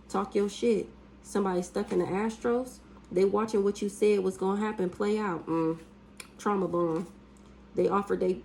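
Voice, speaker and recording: A woman's voice: mid-range voice, mellow, slight background noise, rough recording. A woman in a mid-range voice does a loose spiritual reading, speaking bluntly and cursing freely. She hums and exclaims as she goes. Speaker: spiritual reader. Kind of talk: casual spiritual reading monologue.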